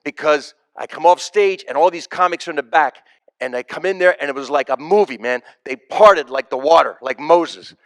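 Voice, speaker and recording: A man's voice: on the high side, moderate pace, a bit bright, no room sound. A man, a comedian, telling punchy, repetitive stories at a live memorial tribute. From United States. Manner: emphatic, repeats key phrases for punch. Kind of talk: stand-up storytelling at a memorial. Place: live event before an audience.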